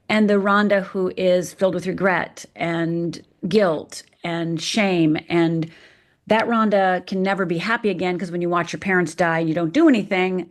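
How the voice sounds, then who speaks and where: Middle-aged woman from upper michigan, podcast guest, frank vivid storyteller, medium pitch. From Upper Michigan, USA. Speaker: guest, fear expert. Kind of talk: personal storytelling in a podcast interview.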